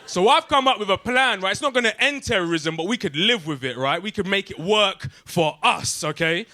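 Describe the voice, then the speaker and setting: A young man with a London accent doing a stand-up set in a comedy club, animated and streetwise, tagging lines with questions. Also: high voice, fairly quick, slight background noise.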